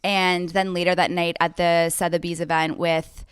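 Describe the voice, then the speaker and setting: A young adult woman hosts a casual podcast conversation, telling a personal story in an effusive, chatty way full of "like" asides. Her lowish voice moves little in pitch and runs at normal speed. The tone is clean and studio quality, with no echo.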